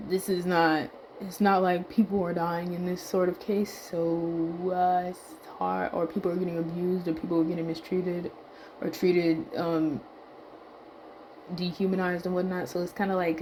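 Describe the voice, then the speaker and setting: A woman's voice: lowish voice, level tone, measured pace, darkish tone, a little hiss or hum, low-quality recording. Laid-back woman mumbling through tweets. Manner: laid-back, muttering asides and swear words, trailing off. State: a little winded. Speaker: vlogger reading tweets aloud. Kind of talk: casual commentary reading tweets.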